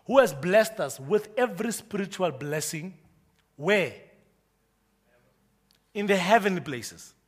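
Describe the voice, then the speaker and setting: Man, pastor, sermon, high-pitched, lively intonation, emphatic, questions the audience. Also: measured pace, long pauses. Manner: emphatic, quizzing the congregation with repeated questions.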